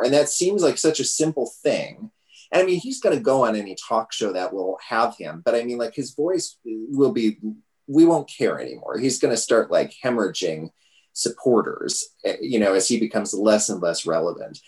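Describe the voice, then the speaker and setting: A man's voice: fairly low pitch, very animated, normal speed, a little mellow. A man hosting a podcast, talking casually and rambling with lots of fillers. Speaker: podcast host. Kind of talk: casual chat.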